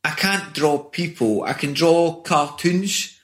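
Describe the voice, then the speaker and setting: A Scottish comedian chatting casually over a video call, rambling and self-deprecating, laughing often. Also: male voice, fairly high pitch, slow, fairly bright tone. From Scotland. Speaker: comedian guest. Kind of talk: casual chat.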